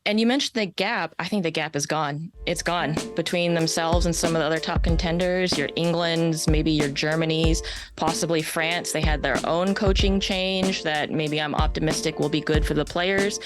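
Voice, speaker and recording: Low-voiced woman analyst, confident, clear music underneath. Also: fairly even intonation, moderate pace. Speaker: soccer analyst guest. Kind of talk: studio sports talk.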